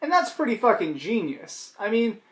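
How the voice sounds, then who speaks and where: A man's voice: high-pitched, sing-song, moderate pace, a bit bright, echoey room. A man vlogger giving casual, sarcastic commentary and swearing casually.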